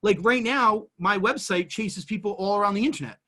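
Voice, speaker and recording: A man talking as a guest in a casual chat, explaining business in an animated way and jumping between everyday examples. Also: sits high, a little fast.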